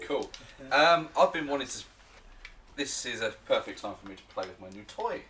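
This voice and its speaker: A man's voice: medium pitch, lively intonation, normal speed, pushed and bright. A man playing in a tabletop game, speaking in a dry, understated way. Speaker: player. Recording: distant mic with clear noise.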